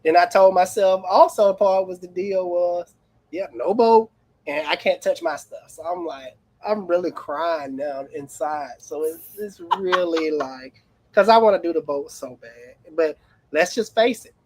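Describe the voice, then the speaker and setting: A middle-aged man who runs an auto repair shop, chatting on a livestream as an animated, rambling storyteller with playful exclamations. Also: high voice, a little slow, no room sound, poor audio. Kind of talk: casual livestream chat.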